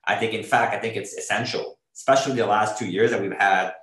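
A man's voice: lowish voice, fairly even intonation, fast, a bit bright, reverberant, poor audio. A man in an interview, talking earnestly and rambling, with many fillers and restarts as he searches for words. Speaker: drummer being interviewed. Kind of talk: casual interview talk.

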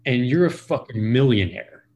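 A man's voice: mid-range voice, lively intonation, normal speed, darkish tone. A man in his forties, a podcast guest, telling a profane, rambling story full of "like" fillers. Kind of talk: casual storytelling.

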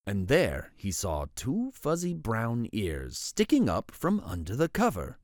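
A man reads a bedtime picture book aloud as host of a story show. His pitch swoops widely as he tells the tale with voices. The sound is dry and close, with no room echo. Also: wildly swooping pitch, a little slow, darkish tone.

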